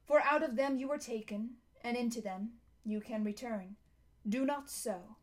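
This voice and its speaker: A stately, kindly lion king speaks in slow, weighty phrases, as a woman reading the storybook gives him voice. The tone stays fairly high but grave, pitched a little above a typical woman's. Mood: solemn. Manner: slow, solemn, measured delivery. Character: majestic male lion king, strong and kindly.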